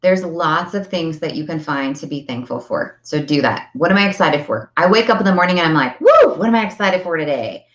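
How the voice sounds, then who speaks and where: A woman's voice: low-pitched, fairly quick, hardly any pauses, fairly bright tone. A middle-aged woman giving a chatty, earnest motivational talk to her viewers, repeating phrases for emphasis. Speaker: self-help coach. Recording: echoey room, slightly dull sound.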